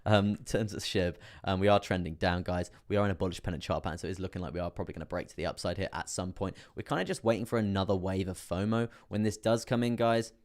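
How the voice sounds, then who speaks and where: A young man with an English accent, casually talking through crypto charts on a live stream in a monotone, chatty way. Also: low-pitched, quick pace, few pauses. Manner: chatty, laughs often, reads chat aloud.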